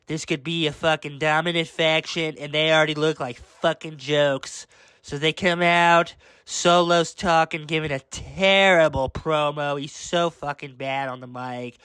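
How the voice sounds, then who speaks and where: A man's voice: on the high side, steady tone, a little slow, pushed and bright, smooth, no echo. Furious swearing man ranting. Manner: heated, swearing, exasperated ranting. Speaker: wrestling show reviewer. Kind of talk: angry rant review.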